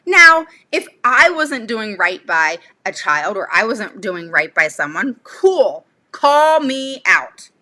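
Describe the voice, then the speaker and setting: A woman's voice: medium pitch, sing-song, slow pace, hardly any pauses, bright, forceful tone. A woman speaking as a special education advocate to her viewers, blunt and fired up, with many "okay?" tags and rambling asides. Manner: rambling asides and sudden laughs. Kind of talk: casual livestream talk to viewers.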